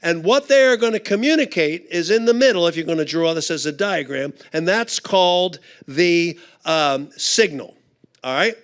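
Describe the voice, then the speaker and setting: A man's voice: fairly high pitch, moderate pace. A middle-aged man speaking at a conference, telling a funny story and acting out the voices in it. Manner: animated storyteller, acts out voices. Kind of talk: humorous storytelling talk.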